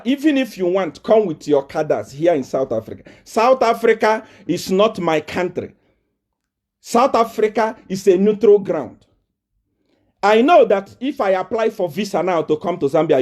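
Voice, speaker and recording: A Nigerian man speaks as a prophet in a live video address, confrontational and taunting. He hammers home repeated rhetorical questions. His voice sits high and swings widely in pitch. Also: a little mellow. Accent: Nigerian English.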